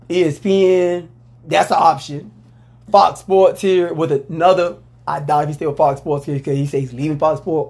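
A man with a fairly high-pitched voice hosts a casual sports talk show, talking in a loose, rambling way and letting out loud whoops.

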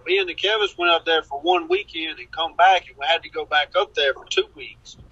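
Husky man telling rambling stories. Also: fairly high pitch, brisk, sharp tone, no room sound, muffled recording. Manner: rambling anecdotes with acted-out quotes. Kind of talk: casual chat, storytelling.

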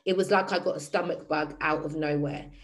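Woman hosting a group chat, slightly low voice, talks straight to everyone. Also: fairly even intonation, brisk, low-quality recording. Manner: candid, addresses the group directly. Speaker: workshop host. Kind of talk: casual group talk.

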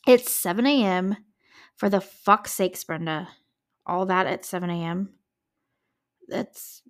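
A woman hosting a true-crime podcast, telling a case in a chatty, emotional way with frank asides and the odd curse. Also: mid-range voice. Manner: chatty, emotional asides, swears when upset. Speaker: podcast host.

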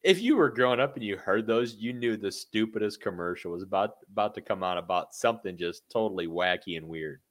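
A man from Michigan co-hosting a podcast, chatting in a relaxed, enthusiastic way. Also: on the low side, fairly quick, few pauses. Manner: relaxed and enthusiastic, keeps saying "dude". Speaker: podcast co-host. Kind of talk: casual chat.

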